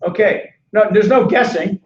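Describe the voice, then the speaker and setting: An older man in his sixties runs a lively financial sales seminar, joking and peppering the audience with questions. His voice sits high for a man. The recording is dull and echoey, picked up from across the room. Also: normal speed, distant mic, a little hiss or hum. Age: 60s.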